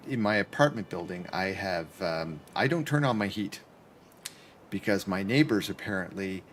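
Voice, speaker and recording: A male streamer from Canada gives casual, joking livestream commentary, talking with his chat while playing from his apartment. His voice is low-pitched, with a little hiss or hum in the recording.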